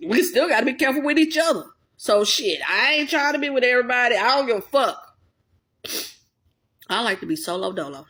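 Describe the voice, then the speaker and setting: A woman's voice: medium pitch, a bit bright. A woman vlogger in a blunt, profane, heated casual rant. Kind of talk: casual ranting monologue.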